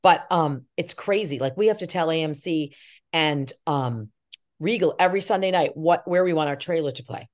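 A middle-aged woman with a low-set voice, chatting in an interview. Her pitch swings widely as she tells stories and slips into quoted voices. She talks with warmth and energy about her work. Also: moderate pace. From Irish Catholic family. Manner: animated storyteller, acts out quoted voices. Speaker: actress and filmmaker. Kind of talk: interview chat.

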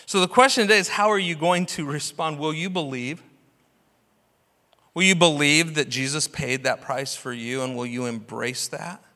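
A man's voice: a little high, moderate pace, bright, forceful tone. Impassioned preacher man in a reverberant hall. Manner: impassioned preaching with rhetorical questions. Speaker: pastor. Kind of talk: sermon. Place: church sanctuary.

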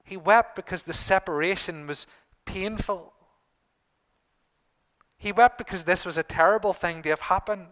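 A middle-aged man preaching a sermon to his congregation, earnest, repeating phrases and pausing for emphasis. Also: high-pitched, fairly bright tone. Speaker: pastor.

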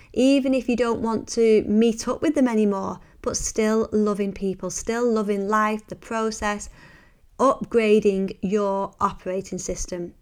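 A woman hosting a motivational podcast speaks at medium pitch, earnest and encouraging, before softening into a slow, hushed guided visualization as a meditation guide.

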